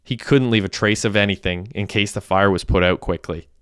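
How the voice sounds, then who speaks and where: Smooth-voiced man narrating. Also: lowish voice, fairly even intonation, fairly quick, fairly bright tone, no echo, clean studio sound. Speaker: audiobook narrator. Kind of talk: scripted narration.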